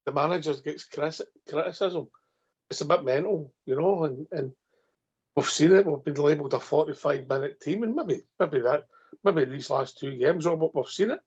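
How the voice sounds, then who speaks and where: A man's voice: on the high side, darkish tone, slightly rough. A Scottish man co-hosting a casual football phone-in, easygoing and conversational. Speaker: phone-in co-host. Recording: dull lo-fi audio.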